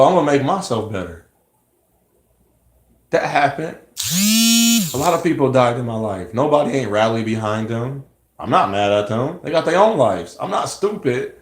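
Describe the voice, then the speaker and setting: A man's voice: mid-range voice, darkish tone, reverberant. A man giving a rambling, earnest personal monologue, preaching about hate, self-reflection and staying positive. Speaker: vlogger.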